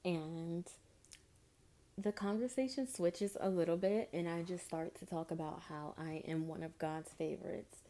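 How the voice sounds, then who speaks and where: A young woman tells a storytime tale to her viewers in a chatty, exasperated way. Her voice is low and gravelly with a mellow warmth. She speaks slowly and unhurriedly. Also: steady tone. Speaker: vlogger. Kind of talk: storytime vlog.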